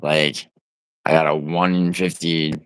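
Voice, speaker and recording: A man's voice: very deep voice, little pitch movement, unhurried, clear, resonant tone, no echo. A man livestreaming from home, rambling and teasing his viewers in profane, casual banter as he reads the chat. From United States.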